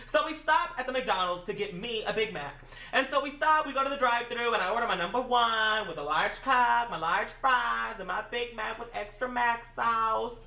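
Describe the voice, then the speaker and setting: A woman tells a story in a casual, slangy way and mocks herself as she goes. Her voice is high and bright and jumps around a lot. She sits a bit back from the mic in a room that echoes. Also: normal speed, distant mic. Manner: animated, slangy, self-mocking.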